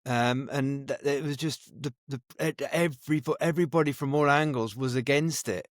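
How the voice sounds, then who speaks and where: A middle-aged English man, appearing as a DJ guest, tells stories in a casual interview, thoughtful in tone and often restarting his phrases. His voice is medium-pitched at a normal speed, recorded dry with clean studio sound.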